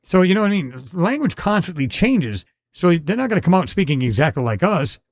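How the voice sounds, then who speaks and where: A middle-aged man with a slightly high voice hosts a live podcast. He rambles casually, restarts sentences and talks straight to his viewers. The sound is close and dry, with no room echo. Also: sing-song, brisk. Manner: rambling, conversational, many restarts and fillers. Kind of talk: casual live-stream chat reading viewer comments.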